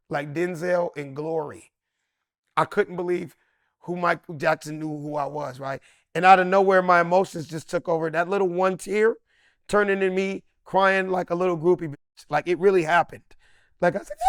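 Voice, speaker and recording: A man in his fifties from Los Angeles spins stories as a comedian guest, slangy and emphatic, slipping into the voices of the people he quotes. His voice sits a bit high for a man. The sound is dry and close, with no room around it. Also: no echo. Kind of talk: animated storytelling in a sit-down interview.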